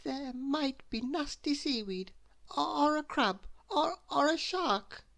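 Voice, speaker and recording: A man's voice: lively intonation, takes it slowly, gravelly, bright, forceful tone, exaggerated voice. A man voicing a tiny, nervous storybook character who stammers and shrieks in panic. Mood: timid stammer. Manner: shrill, stammering, terrified. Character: tiny panicky nervous male blob, trembling.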